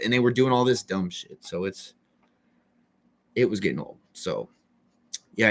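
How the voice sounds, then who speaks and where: Rambling young man, restless and trailing off. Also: mid-range voice. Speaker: person telling his own story. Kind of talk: casual monologue.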